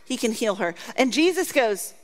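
A woman's voice: on the high side, big pitch swings, normal speed. A woman pastor preaching a sermon, earnest and repetitive, mixing scripture reading with conversational asides. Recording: long hall reverb.

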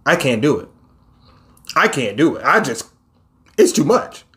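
Male reader voicing an overwhelmed young hero, strained, repetitive, a bit higher. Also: big pitch swings, measured pace, pushed and bright, exaggerated voice. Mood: despairing.

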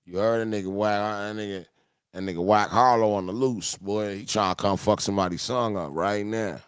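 A man hosting a live music review stream, joking with his chat in loose, profane banter, breaking into loud mock voices. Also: lowish voice, moderate pace, clean tone, no echo, clean studio sound.

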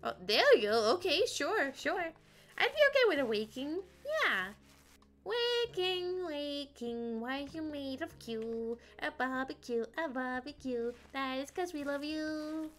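Playing a game with faint music behind her, this streamer rambles playfully and keeps breaking into little ditties for herself. She has a high, very animated, slightly bright voice and speaks at a measured pace in casual gameplay chat.

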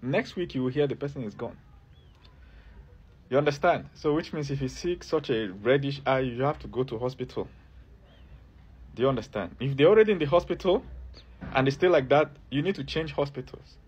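A man's voice: medium pitch, fairly quick, pauses often, a little mellow, breathy edge, lo-fi sound. A man who works as a herbalist, giving health advice straight to camera in an emphatic, repetitive way and keeps asking the viewer to look and listen. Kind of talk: direct-to-camera advice video.

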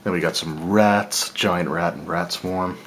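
Slow-talking man with a low voice. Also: slight background noise. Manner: relaxed, thinking aloud, small laughs and self-corrections. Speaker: channel host reviewing game cards. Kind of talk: casual unboxing commentary.

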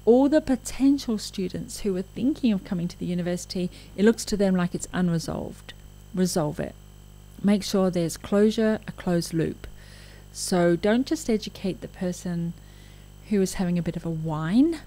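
A woman's voice: fairly low pitch, normal speed, warm tone, rough recording. A woman giving a recorded lecture, talking frankly and conversationally with asides.

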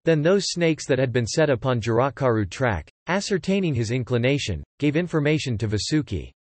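A man's voice: medium pitch, lively intonation, no room sound. Man narrating an ancient epic. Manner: measured formal reading of archaic text.

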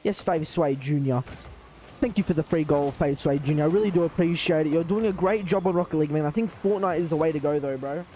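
A man with an Australian accent streaming a car-ball game live, talking to chat and trash-talking opponents in excitable banter. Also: fairly high pitch, quick pace, slight background noise. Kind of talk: live gaming commentary.

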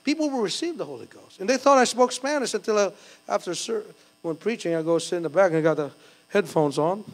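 Gravelly, high-voiced pastor preaching. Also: male voice, animated, fast talker. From Philippines. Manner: conversational, self-deprecating preaching with bursts of fervor. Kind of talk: sermon.

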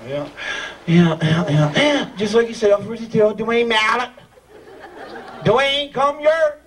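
A man's voice: sits high, expressive, moderate pace. A man with a Newfoundland accent emceeing a live community ceremony, joking and teasing in broad dialect. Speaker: master of ceremonies. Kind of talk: live comic emcee patter. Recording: distant mic over a crowd.

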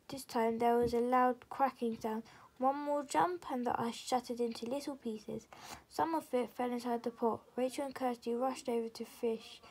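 A woman reading a children's chapter book aloud as storyteller, steady with small slips. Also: fairly high pitch, breathy edge, low-quality recording.

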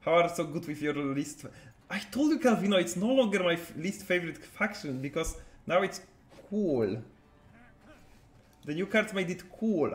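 A man commenting on a card game as he plays live, chatting with his viewers in a loose way. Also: a little high. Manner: chatty, answers viewer chat while playing. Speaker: streamer. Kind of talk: live-stream gameplay commentary. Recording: roomy echo.

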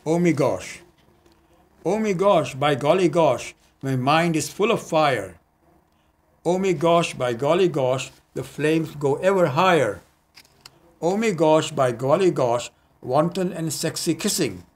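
Guy poet reading his poems at a community tv studio, earnest and measured, bit high voice, some uh-filled asides. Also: animated. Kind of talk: poetry reading.

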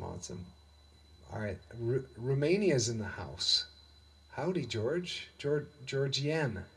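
A man's voice: medium pitch, pushed and bright, breathy edge. A middle-aged man hosting a live-streamed music show, chatting with viewers and greeting them by name. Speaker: livestream musician host. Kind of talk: live-streamed singalong and chat. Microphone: webcam or computer mic. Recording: faint guitar music behind.

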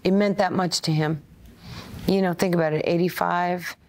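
A woman, an interview guest telling animated stories and acting out the voices of other people. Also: on the low side, normal speed. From Brooklyn, USA. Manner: animated, acts out quoted voices. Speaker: interview guest, former player and coach. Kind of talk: storytelling interview.

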